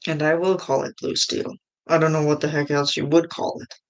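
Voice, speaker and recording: An adult livestream host chatting casually with viewers, enthusiastic and quick to giggle. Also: medium pitch, little pitch movement.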